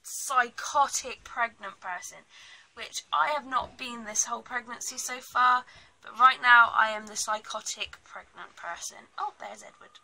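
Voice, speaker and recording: Young British woman, casual vlogger, blunt and ranty, very bright tone. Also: on the high side, a little slow, gravelly, poor audio. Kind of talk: casual pregnancy vlog chat.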